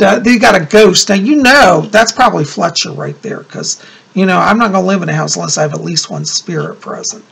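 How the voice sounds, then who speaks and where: A middle-aged man hosts a casual vlog, chatting warmly and gushing over each item he holds up. His voice is gravelly and husky. He talks with fond exclamations and loose, rambling asides. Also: high voice. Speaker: psychic vlogger. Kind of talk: casual show-and-tell vlog.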